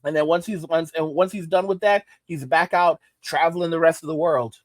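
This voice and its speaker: A man's voice: fairly high pitch, steady tone, a little fast, no echo. A man doing reaction commentary, emphatic and repeating phrases for stress.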